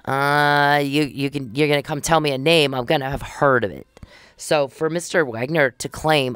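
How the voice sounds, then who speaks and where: A woman's voice: low-pitched, fairly even intonation, moderate pace, a bit bright, clean tone, no room sound. A middle-aged woman hosting a podcast, chatting casually and indignantly as she recounts events and acts out the conversations she had. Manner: chatty, indignant, retells conversations with quoted dialogue. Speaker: podcast host.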